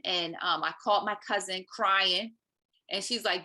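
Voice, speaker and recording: A woman speaks as a podcast guest, her voice bright and forward at a middle pitch. She tells her story animatedly and often checks in with a quick "right?". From Maryland, US. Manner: animated, acts out quoted speech, often adds "right?". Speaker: podcast guest, parent advocate. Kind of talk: personal storytelling in conversation.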